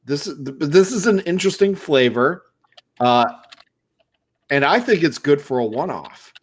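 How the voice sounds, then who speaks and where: A man's voice: a little high, lively intonation, a little slow, slight background noise. A man co-hosting a casual livestream beer tasting, easygoing and agreeable. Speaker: co-host of a beer review show.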